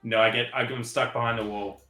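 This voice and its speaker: A man's voice: mid-range voice, level tone, normal speed, bright, forceful tone, roomy sound, faint music behind. A man with an Australian accent, a joking player in a tabletop game. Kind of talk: casual chat at a tabletop game.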